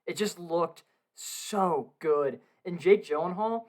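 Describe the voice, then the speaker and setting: Excitable young man swearing and laughing. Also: fairly high pitch, slow pace. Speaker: podcast co-host. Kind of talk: casual film review chat. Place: home basement.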